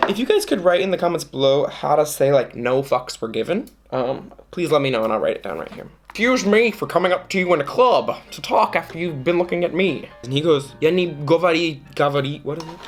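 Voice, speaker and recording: A man telling a dating story to camera in a playful, dramatic way, jumping into high voices for quoted lines. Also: very animated, a little fast, hardly any pauses, soft background music. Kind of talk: animated storytime monologue.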